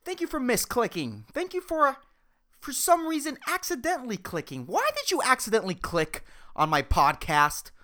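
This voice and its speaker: Woman podcast host, solo comedic rant, foul-mouthed, very animated delivery. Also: high voice, moderate pace. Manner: profane, ranting, exasperated; rambling, with restarts and filler.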